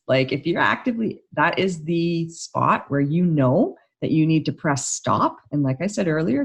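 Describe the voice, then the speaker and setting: Gravelly-voiced woman therapist, chatty. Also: deep voice. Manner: chatty and excitable, many "like" fillers. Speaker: grief therapist. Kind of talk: casual talk to camera.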